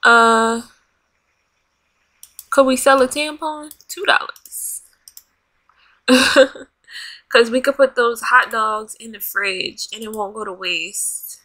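A woman's voice: fairly high pitch, takes it slowly, long pauses, bright, forceful tone. A woman hosting a life-sim let's play, giving dramatic commentary as she bosses and scolds the game characters. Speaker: gaming channel host. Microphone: desk USB microphone.

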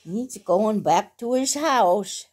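A woman's voice: medium pitch, animated, slow pace, darkish tone, breathy edge. A woman reading a bedtime picture book aloud at home, stopping for chatty asides to her dog. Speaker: reader of a children's picture book.

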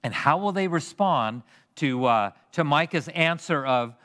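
A male pastor preaches in a lively, conversational way, trading jokes and questions with his listeners. His pitch climbs and dips freely as he talks. A long reverb hangs over his voice in the church. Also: unhurried. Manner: animated, conversational, joking with the congregation. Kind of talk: expository sermon. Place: church sanctuary.

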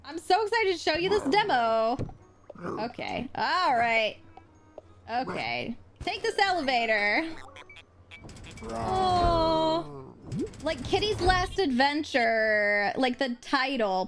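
A woman's voice: high-pitched, sing-song, slow pace, a bit bright, slight background noise. A young woman streaming a game live, talking playfully and breaking into squealing exclamations. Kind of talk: live let's play commentary. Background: game music.

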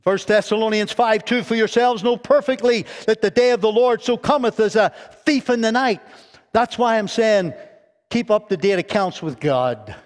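Fervent high-voiced male pastor preaching. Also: moderate pace. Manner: fervent preaching, swinging between loud high exhortation and quiet low tones. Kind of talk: sermon. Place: church sanctuary. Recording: long church reverb.

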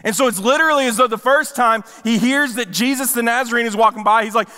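A man preaching a sermon as a pastor, animated, and acting out the voices of people in the story. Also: very high voice, quick pace, hardly any pauses, smooth. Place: church sanctuary. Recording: church hall reverb.

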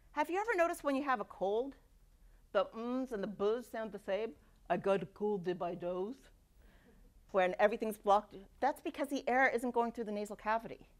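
A woman giving a university lecture, lively and demonstrating speech sounds aloud. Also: fairly high pitch. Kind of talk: classroom lecture. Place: lecture hall.

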